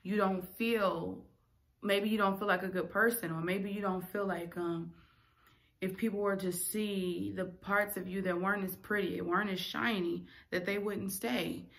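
A woman's voice: medium pitch, fairly even intonation, measured pace, creaky, a bit bright. A young adult woman, a singer and vlogger, telling a candid, emotional personal story straight to her viewers.

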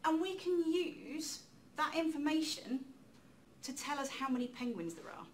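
A woman giving a public talk in a lecture room, lively and chatty, with self-deprecating asides. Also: sits high, unhurried. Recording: distant mic with faint room noise.

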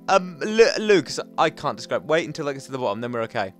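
Lively, rambling man commentating a game. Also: on the high side, fast, few pauses, faint music behind. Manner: chatty, rambling, talks to himself and the viewers; jumps between loud bursts and soft muttering. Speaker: let's play host.

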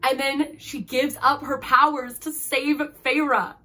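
A woman's voice: high voice, flat delivery, slow, sharp tone. A young woman reviewing a book in a casual vlog, gushing and emotional, and peppering her talk with "like". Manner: gushing, emotional, heavy use of "like".

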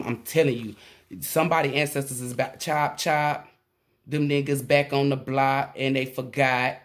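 Excitable, cursing woman reading tarot. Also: very deep voice. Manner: excitable, profane, rambling with restarts. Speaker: tarot reader. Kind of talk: casual tarot reading to camera.

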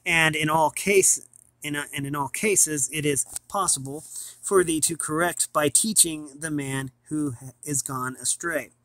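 Young guy reading old philosophy out loud, stumbles and restarts a lot, bright voice, kinda high. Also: dry recording. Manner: halting, frequent restarts and stumbles over words. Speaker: reader of classic texts.

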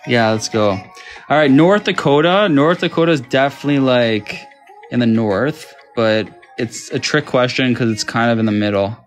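A young Australian man playing a map quiz, thinking aloud and getting frustrated, his voice jumping high when he can't find a place. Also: moderate pace, soft background music. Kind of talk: casual gaming commentary.

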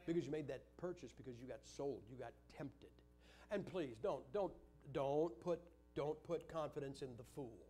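A man's voice: on the high side, normal speed, mellow, faint music behind. An older man preaching in a church, teaching Sunday school with joking stories. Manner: joking, anecdotal storytelling.

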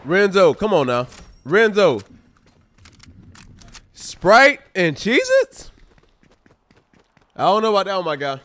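A man's voice: sits high, lively intonation, a little fast, a bit bright. A man chatting casually on a live game stream, reacting to the action and chewing food as he talks. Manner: chewing food while talking. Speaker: gaming streamer. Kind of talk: casual live-stream chat while gaming.

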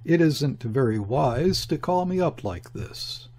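A man reading the part of a weary, annoyed secret agent with a sombre, husky voice. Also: a little high, lively intonation, takes it slowly, a little mellow, exaggerated voice. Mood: sullen. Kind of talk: audiobook character reading.

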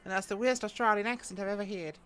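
A woman's voice: medium pitch, steady tone, fast talker, a bit bright. A woman streamer giving giggly, chatty commentary on her own roleplay gameplay. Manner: giggly, chatty asides to viewers.

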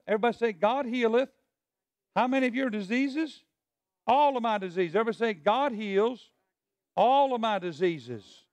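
Male pastor, high-pitched and lively, leads a call-and-response sermon, dry close sound. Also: moderate pace, dry recording, lo-fi sound. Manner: preacher who prompts the congregation to repeat lines; drops to a hushed voice on asides, rises on scripture. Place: church sanctuary.

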